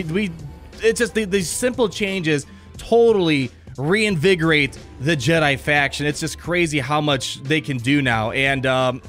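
A man giving excited gameplay commentary on a mobile game, enthusiastic and exclamatory, rambling with frequent restarts. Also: fairly high pitch. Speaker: gaming YouTuber.

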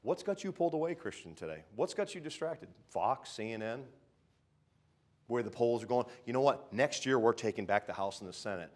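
A middle-aged man preaching a sermon in a church, conversational, swinging between loud pronouncements and muttered asides and acting out mocking quoted voices. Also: medium pitch, animated, a little fast. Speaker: pastor. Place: church sanctuary.

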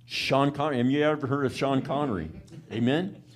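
A man's voice: medium pitch, brisk. A man preaching a sermon in a plain country-boy way of talking, folksy, often checking in with the congregation by asking "amen?" and "all right?". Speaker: pastor.

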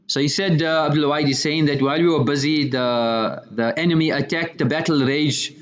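A man's voice: fairly high pitch, steady tone, moderate pace. A man giving a religious lecture as a story. He recites Arabic passages, then paraphrases them in English, repeating words and piling up synonyms. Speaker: Islamic lecturer. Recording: dull lo-fi recording.

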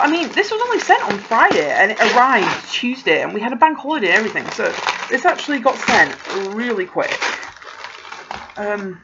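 A young woman, chatting casually as she unboxes a parcel, gasping and gushing with excitement. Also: fairly high pitch, background noise. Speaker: vlogger opening a parcel. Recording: slightly dull home video audio.

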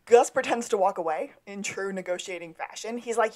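A woman's voice: mid-range voice, fairly quick, mellow. A woman co-hosting a podcast, retelling an episode in casual chat and acting out the characters' lines. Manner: storytelling, acts out quotes. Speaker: podcast co-host.

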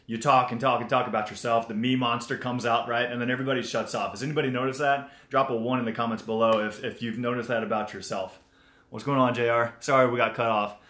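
A man's voice: mid-range voice, a bit bright. A man hosting a casual live stream, giving life tips, greeting viewers by name and often repeating himself. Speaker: motivational livestream host. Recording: roomy echo.

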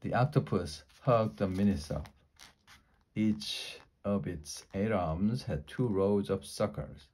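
A man reading a children's storybook aloud in a slow, deliberate way, with small slips. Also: lowish voice, a little mellow. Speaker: storybook reader.

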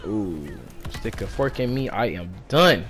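A man giving excited play-by-play commentary as he plays a fighting game, groaning and exclaiming at every hit. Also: fairly low pitch, measured pace, faint music behind. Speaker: gaming channel host. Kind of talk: live gameplay commentary.

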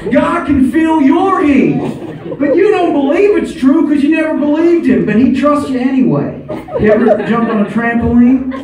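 A man voicing a rambling, fervent older preacher with a put-on American accent, preaching in bursts and shouts in a stand-up bit. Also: very high voice, pitched above the performer's own voice, heavily acted. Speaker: stand-up comedian. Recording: echoey club, distant mic, loud room noise.

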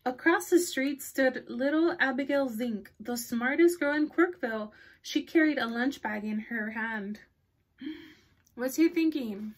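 Librarian lady doing storytime, fairly high voice, keeps asking the kids questions and laughing. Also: measured pace. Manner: chatty, asks listeners questions and laughs often. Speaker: children's librarian. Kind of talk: reading a picture book aloud to children.

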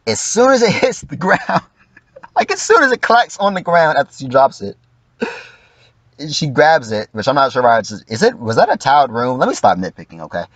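A man's voice: mid-range voice, sing-song, normal speed, a bit bright, no room sound, lo-fi sound. A man giving casual, profane livestream commentary, acting out quoted lines in mock voices.

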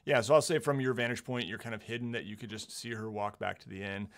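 A man narrating a tabletop game as game master, often pausing with ums. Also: lowish voice, fairly even intonation. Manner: halting, many ums.

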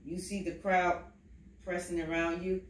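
A man reading scripture aloud during a sermon, with a steady delivery and short replies to the preacher. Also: high voice, unhurried. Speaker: scripture reader. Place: church sanctuary. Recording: echoey room, mic far off, faint noise.

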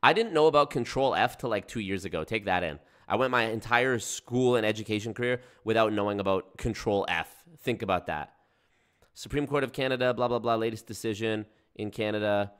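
A young man hosting a casual livestream, reacting to chat in a profane, animated way. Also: on the low side, fairly quick, smooth. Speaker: livestream host.

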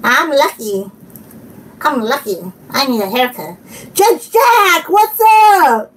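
A woman's voice: high voice, animated, slow. A woman hosting a casual live stream from home, giggling a lot and chatting to her viewers and her dog. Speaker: channel host. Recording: from a bit far off the mic, faint room noise.

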